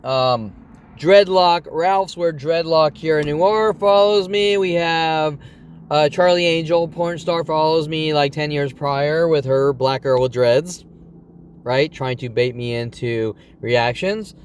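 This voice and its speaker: A man's voice: fairly high pitch, a little hiss or hum. A man in his twenties in a rambling monologue vlog, talking in an agitated, repetitive rant full of fillers and restarts. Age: 20s. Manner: halting, full of fillers and self-corrections.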